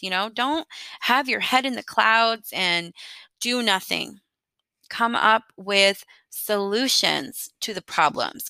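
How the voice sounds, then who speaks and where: A woman in her thirties hosts a solo podcast with a bright, sharp tone. She talks in a chatty, earnest way and laughs lightly as she goes. The sound is close and dry. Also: medium pitch, dry recording. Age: 30s. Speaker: podcast host. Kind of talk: casual solo podcast monologue.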